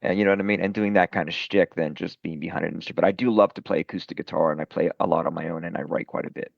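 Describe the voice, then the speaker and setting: A man's voice: deep voice, fairly even intonation, very fast, creaky, no echo. A middle-aged man from Brooklyn, a rock singer, chatting loosely in an interview with lots of fillers and self-deprecating asides. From Brooklyn, New York. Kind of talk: casual interview chat. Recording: dull lo-fi dry sound.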